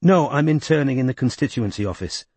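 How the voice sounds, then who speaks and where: A man voicing a polite, hesitant young woman working undercover, speaking quietly. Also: mid-range voice, expressive, fast talker, breathy edge, dry recording, pitched above the performer's own voice. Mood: nervous.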